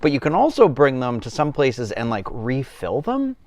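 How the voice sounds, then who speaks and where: A man's voice: mid-range voice, huge pitch swings, moderate pace, a little mellow, no room sound. A man with a loose Southern US accent hosting a casual livestream from home, chatting in a rambling way full of fillers and restarts. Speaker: livestream host. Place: at home, sipping a cocktail on camera.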